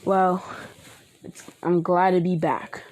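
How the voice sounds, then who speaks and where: An easygoing young male hero greets his old teachers, voiced by a woman in a fan-made spoken story. The delivery is low and casual. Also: little pitch movement, slow, darkish tone.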